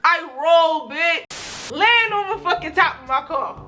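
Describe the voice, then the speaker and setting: A young woman vlogger telling a story in a casual, animated way, with lots of slang and swearing. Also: very high voice, measured pace, background noise.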